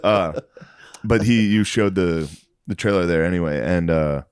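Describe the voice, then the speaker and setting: A man in casual podcast banter, excitable and profane, laughing often. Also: low-pitched, a little slow, smooth, no room sound, studio quality. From Florida. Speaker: podcast host.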